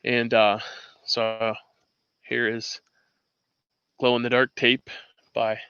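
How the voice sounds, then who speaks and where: Bright, crisp man on lo-fi audio. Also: mid-range voice, completely flat delivery, slow pace, no echo. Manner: rambling, restarts often, shows gear. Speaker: host. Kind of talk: casual livestream chat.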